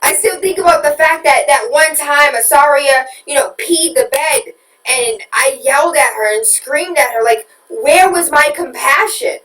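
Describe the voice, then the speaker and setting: High-voiced woman preaching on talk radio. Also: unhurried, fairly bright tone, reverberant, recorded from a distance, rough recording. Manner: preachy, asks rhetorical questions; candid, confessional. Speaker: radio talk show host.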